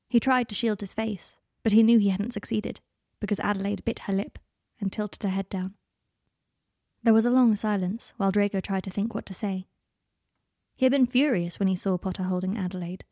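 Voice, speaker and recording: A woman narrating a story in a calm, measured reading voice. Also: medium pitch, dry recording, studio quality. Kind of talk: audiobook narration of fan fiction.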